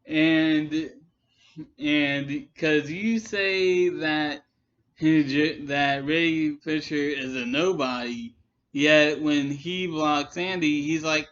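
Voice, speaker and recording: A man giving a rambling, exasperated response rant in a vlog, with many halting restarts. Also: on the high side, fairly even intonation, fairly bright tone, highs cut off. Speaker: commentary vlogger.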